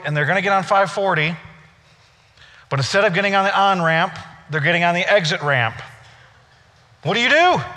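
A male pastor with a bright, forceful voice, telling a story to his congregation. His delivery is conversational, with playful asides. The sound carries a long reverb from a big church hall. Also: high voice. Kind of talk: sermon.

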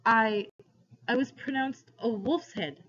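A woman's voice: fairly high pitch, expressive, measured pace, a little hiss or hum. A woman voicing a frightened, hungry peasant boy who pleads and stammers, in a dull lo-fi recording. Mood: pleading.

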